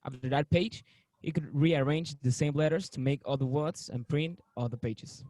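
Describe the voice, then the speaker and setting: A man's voice: on the high side, moderate pace, dark tone, dry recording, low-quality recording. A male student who reads a passage aloud in class, now and then slipping and correcting himself. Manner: reads with small slips and self-corrections.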